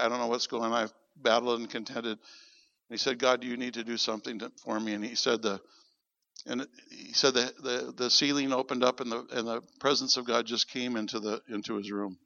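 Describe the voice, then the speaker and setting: Male preacher, gravelly and forceful, animated storytelling sermon, dry lo-fi recording. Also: medium pitch, dry recording. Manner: animated, acts out quoted dialogue. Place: church. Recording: dull lo-fi sound.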